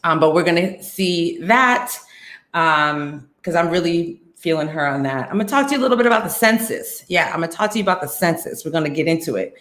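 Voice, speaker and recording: A woman hosting a casual online talk show, chatty and lively, with many fillers and laughs. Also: on the low side, fairly quick, reverberant. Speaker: host.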